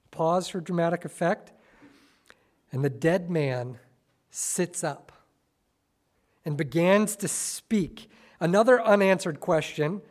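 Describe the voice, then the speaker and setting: A male pastor preaching a sermon, dramatic and full of rhetorical questions, swinging between soft and loud. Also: high-pitched.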